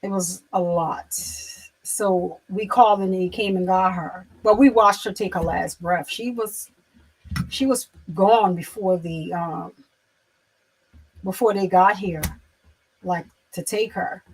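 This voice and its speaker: A woman chatting casually on a livestream, rambling with many fillers and restarts, turning soft and emotional as she speaks of loss. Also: medium pitch, fairly even intonation, slow pace, pauses often, breathy edge, low-quality recording. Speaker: livestream host.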